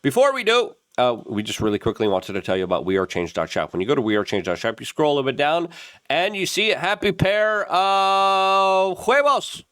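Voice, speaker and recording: A man with a low voice hosts a commentary show, talking in a rambling, animated way with plenty of fillers. His pitch swings widely as he reads a casual ad, and the sound is dry and close. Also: racing, hardly any pauses, dry recording. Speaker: host.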